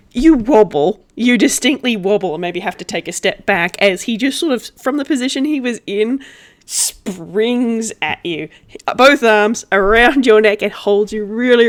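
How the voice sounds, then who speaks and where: Lady gm narrating a tabletop game, slow and gentle, dry close sound. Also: fairly high pitch, no echo. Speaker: game master.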